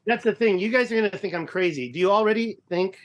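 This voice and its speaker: A man's voice: sits high, quick pace, lo-fi sound, slight background noise. A man in his fifties, a guest explorer on a podcast, chatting casually in a joking, rambling, self-deprecating way. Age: 50s.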